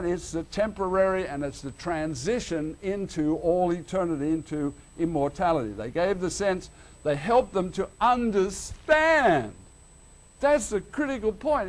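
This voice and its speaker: An Australian man delivers a sermon in a fairly high voice. He speaks animatedly, drops low and quiet, then bursts out loud and emphatic. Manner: animated, swings between loud and hushed. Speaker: preacher.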